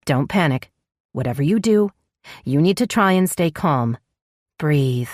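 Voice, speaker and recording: Woman doing a steady in-control friend on the phone, low and calm. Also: measured pace, dry recording, clean studio sound. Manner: calm, firm, reassuring. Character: calm woman friend giving firm instructions.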